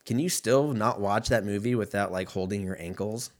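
A man's voice: on the low side, moderate pace. A man rambling in a casual, profane solo monologue, laughing often and drifting between topics.

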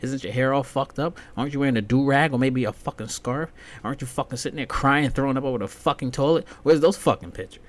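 A man's voice: medium pitch, fast. A man hosting his own podcast, telling a rambling, profane story in a casual monologue. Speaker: podcast host.

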